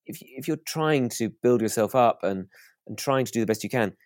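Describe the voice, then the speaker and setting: A man's voice: mid-range voice, moderate pace, darkish tone, no echo, clean studio sound. A British man, an author and comedian, guesting on a podcast and talking in a thoughtful, self-deprecating, hesitant way.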